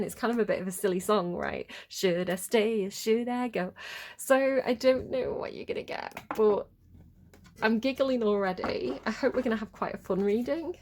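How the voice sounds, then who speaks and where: A woman giving a casual tarot reading, giggly, playful and rambling. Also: a little high. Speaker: tarot reader.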